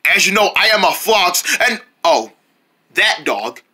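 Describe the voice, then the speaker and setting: Someone doing a whiny pet fox, gets offended over everything, sharp bright sound, pitch bouncing all over. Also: big pitch swings, measured pace, breathy edge, heavily acted. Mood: sulky. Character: touchy, sulking pet fox.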